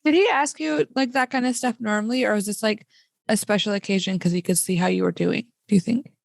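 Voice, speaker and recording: Gravelly-voiced woman podcast host. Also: medium pitch, fairly quick, no echo, clean studio sound. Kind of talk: interviewing.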